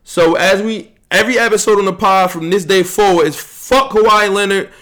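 A young man with a noticeably high voice hosts a loose podcast chat. He brags, trash-talks his friends and swears freely, and his words tumble out in quick bursts. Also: pushed and bright. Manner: boastful, heated ribbing of friends, swearing. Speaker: podcast host. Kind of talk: casual trash-talking chat.

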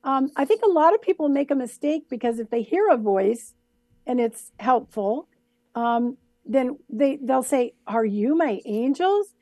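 A middle-aged woman with a notably high voice talks in a casual, animated way. She slips into little acted-out voices as she tells a story. The sound is close and dry, with no room around it. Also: a little slow, no echo. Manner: animated, acts out voices of her guides. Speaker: guest. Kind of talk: casual conversation.

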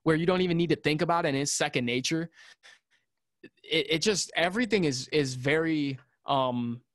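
A man's voice: on the high side, normal speed, fairly bright tone, no echo, studio quality. A man talking as a podcast guest about audio engineering, in casual chat that rambles with many fillers and restarts and turns emphatic.

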